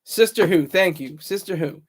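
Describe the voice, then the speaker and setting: A man's voice: sits high, normal speed, slightly rough. A man in his thirties hosting a casual livestream, rambling loosely and reading viewer comments aloud. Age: 30s. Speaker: livestream host.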